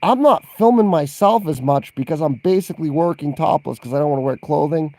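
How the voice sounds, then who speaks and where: Gravelly man chatting on a livestream. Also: on the high side, animated, brisk, warm tone, dry recording. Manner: rambling and chatty, laughs often, reacts to live chat. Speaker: vlogger answering viewer questions. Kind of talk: casual livestream Q&A.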